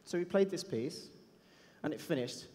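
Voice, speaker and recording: A man's voice: on the high side, animated, normal speed, warm tone. A man giving a chatty, self-deprecating anecdotal talk on a conference stage. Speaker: conference speaker. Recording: long hall reverb.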